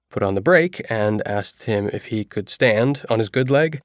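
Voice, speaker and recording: A man reading a novel aloud as narrator, in an even storytelling manner. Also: medium pitch, a little slow, no room sound, clean studio sound. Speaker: audiobook narrator. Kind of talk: scripted narration.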